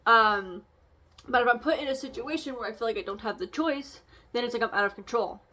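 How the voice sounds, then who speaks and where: Speaking a little fast in a high-leaning voice that sounds pushed and bright, a young woman shares an oracle card reading and what she's feeling in a casual, reflective vlog. Her talk wanders, full of fillers and false starts.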